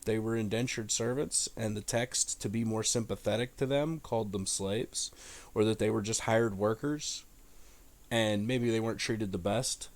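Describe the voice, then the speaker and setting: A man's voice: lowish voice, fairly even intonation, normal speed. A man hosting an irreverent Bible commentary in a casual, profane, joking way. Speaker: host.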